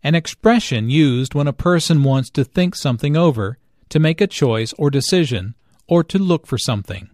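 A man narrating an English lesson in a deliberate, explanatory way, stressing key words clearly. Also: a little high, lively intonation, a little mellow, no echo, studio quality.

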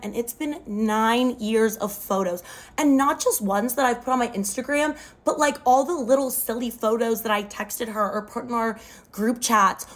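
A young woman telling a wild personal story to camera, dramatic and full of "like". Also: fairly high pitch. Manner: dramatic retelling, often says "like". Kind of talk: storytime vlog.

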